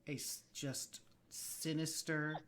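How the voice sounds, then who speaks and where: A game master narrating a tabletop role-playing game slowly, with dramatic pauses. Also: medium pitch, level tone, fairly bright tone.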